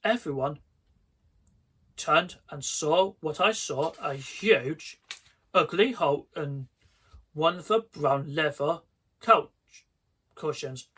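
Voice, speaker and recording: Slow, bright-voiced male storyteller. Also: on the high side, expressive, slightly rough. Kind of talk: storybook reading aloud.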